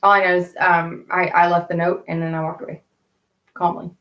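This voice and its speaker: A woman's voice: fairly low pitch, level tone, brisk, muffled recording. Rambling, candid woman in an echoey room. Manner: rambling, candid, swears freely. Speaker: live streamer chatting with viewers. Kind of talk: casual storytelling to a live chat.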